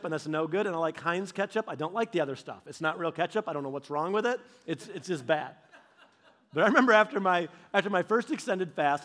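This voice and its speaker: A woman giving devotional teaching on fasting in a conversational, animated storytelling manner. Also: on the low side. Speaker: church leader.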